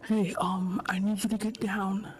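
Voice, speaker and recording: A player describing their character's actions in a rambling, casual way, often laughing and filling pauses. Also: mid-range voice, little pitch movement. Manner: rambling, laughing, with many fillers. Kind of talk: casual tabletop play.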